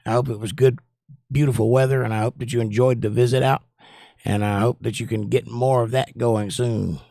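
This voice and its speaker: A man hosting a live Bible study stream, hoarse and nearly losing his voice, greeting viewers by name and reading their comments in casual chat. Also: mid-range voice, fairly even intonation, fairly quick, dark tone, dry recording, clean studio sound. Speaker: livestream Bible study host.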